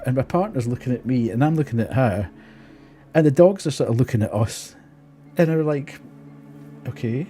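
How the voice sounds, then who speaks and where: A man's voice: mid-range voice, expressive, normal speed, warm tone, slightly rough. A man, streaming and telling an exasperated story in casual chat while laughing often.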